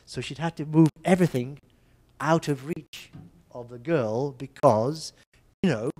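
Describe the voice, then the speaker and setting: An older man lecturing on English pronunciation in a lively way, acting out examples and telling funny anecdotes. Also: on the high side, a little slow. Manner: lively, demonstrative, tells humorous anecdotes. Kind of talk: seminar lecture.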